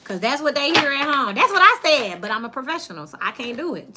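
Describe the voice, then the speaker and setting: Blunt, bright-voiced woman tarot reader. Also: sits high, brisk, a little hiss or hum. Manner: blunt, plain-spoken, animated storytelling. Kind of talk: casual tarot reading monologue.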